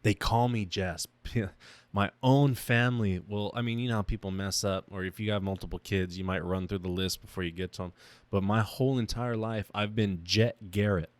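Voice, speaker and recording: Young guy on his podcast, raw and emotional, kinda halting, lowish voice, dry close mic. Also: fairly even intonation, dry recording. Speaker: podcast host. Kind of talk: personal reflective monologue.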